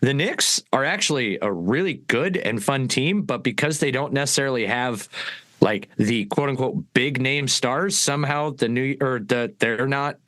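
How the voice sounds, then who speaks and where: A man co-hosting a sports podcast in casual chat, opinionated and ranting with halting restarts. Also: mid-range voice, fairly bright tone, no room sound. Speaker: podcast co-host.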